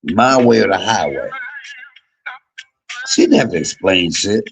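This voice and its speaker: Man in his fifties, very low and husky, swings his pitch widely; blunt, profane livestream storyteller. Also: lively intonation, unhurried, poor audio. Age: 50s. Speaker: livestream host. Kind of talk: candid livestream monologue.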